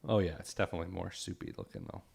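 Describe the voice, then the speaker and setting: Young male co-host, low gravelly voice, easygoing chat, reads facts off his screen. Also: steady tone, racing, darkish tone. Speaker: podcast co-host. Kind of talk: casual chat.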